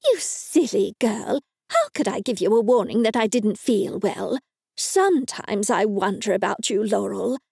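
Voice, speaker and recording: Aussie woman voicing a fussy old mum, scolding, a bit gravelly. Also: medium pitch, lively intonation, unhurried, a little mellow, no echo, studio quality, heavily acted. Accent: Australian. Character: fussy scolding older mother.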